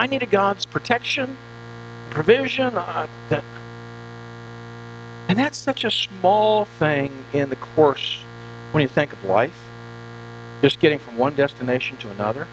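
A pastor preaching a conversational sermon in a church, often repeating words and asking the congregation questions. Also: male voice, sits high, fairly bright tone. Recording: dull lo-fi recording with mains hum.

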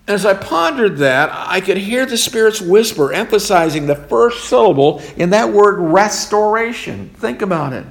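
A man preaching a sermon in an earnest way, asking rhetorical questions as he goes. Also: high voice. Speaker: pastor.

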